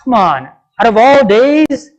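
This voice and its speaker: A man's voice: extremely high pitch, big pitch swings, takes it slowly, muffled recording, full character voice. A preacher acting out a frustrated young man who complains and vents in exasperation. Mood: exasperated. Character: frustrated young male college dropout.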